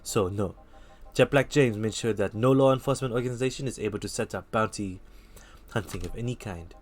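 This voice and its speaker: A worldly, hard-edged bar patron with a faux-Russian accent spins dark tales in a measured, lowered voice, as a man reads game lines. The tone sits on the low side. Faint music plays behind. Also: close to an everyday voice. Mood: storytelling. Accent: put-on vaguely Russian. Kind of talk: reading game dialogue aloud.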